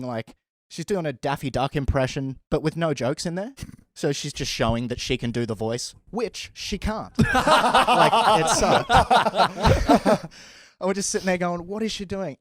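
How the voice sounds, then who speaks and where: A man's voice: a little high, no room sound. Aussie comedian guy telling a story, laughs a lot, dry close sound. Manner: animated, laughs often while telling. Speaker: stand-up comedian. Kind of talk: casual storytelling.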